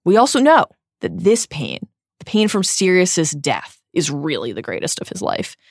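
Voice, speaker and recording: A woman's voice: deep voice, huge pitch swings, normal speed, gravelly, no echo, studio quality. A woman co-hosting a podcast who retells book scenes earnestly and reads passages aloud. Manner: earnest, emphatic storytelling. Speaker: podcast co-host. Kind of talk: reading book passages with commentary.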